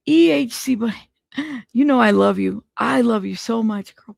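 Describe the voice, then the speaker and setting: A host of a live news show, reacting animatedly and pleading between bursts of laughter. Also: female voice, on the high side, moderate pace, creaky, a little mellow, dry recording, clean studio sound. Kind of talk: casual commentary.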